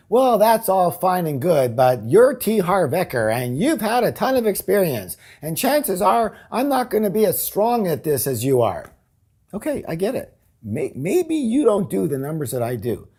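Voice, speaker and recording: A man giving a high-energy sales pitch as a seminar trainer, emphatic and repetitive, leading the audience in call-and-response. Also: mellow, slightly rough.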